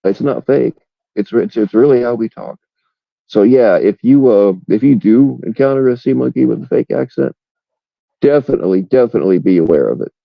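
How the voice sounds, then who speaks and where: A man doing a small male sea monkey, raised above his own low voice, pleading its case earnestly and defensively. The gravelly edge stays under it, on a dull, dry recording. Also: fairly quick, no echo. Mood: insistent. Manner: earnest, defensive, insists its speech is genuine.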